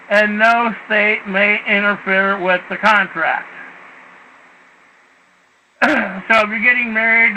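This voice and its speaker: A man's voice: sits high, dull audio, a little hiss or hum. A man hosting a call-in talk show, lecturing bluntly and preachily, swearing and leaning on "see" and "you know.". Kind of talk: call-in talk radio rant.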